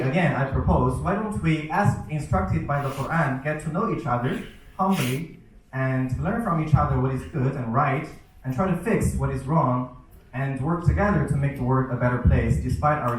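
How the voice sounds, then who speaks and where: In an echoey event hall, a young man performs stand-up for a live audience, his mid-range voice at a moderate pace, picked up by a distant mic with slight hiss or hum. He tells stories about his teaching, acting out his students' voices.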